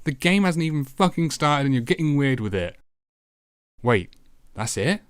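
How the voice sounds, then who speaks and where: A man's voice: fairly high pitch, sing-song, normal speed, clean tone, dry recording, clean studio sound. A man narrating a retro game review in a sarcastic, profane way, swearing often.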